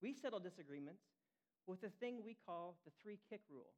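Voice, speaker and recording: A man's voice: high voice, lively intonation, fairly quick, a little mellow. Man putting on a drawling old Southern farmer. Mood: folksy. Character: old male country farmer, calm and sly.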